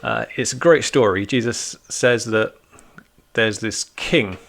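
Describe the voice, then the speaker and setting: A man giving a relaxed, joking church talk to young people, teaching like a friendly youth leader. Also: fairly low pitch, slow pace, vocal fry.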